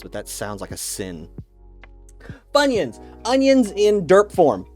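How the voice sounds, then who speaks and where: A man's voice: medium pitch, huge pitch swings, unhurried, darkish tone, soft background music. A man ranting casually and with mock certainty, swearing a lot and rambling through restarts. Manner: opinionated, profane, mock-dogmatic. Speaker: YouTuber ranking snacks.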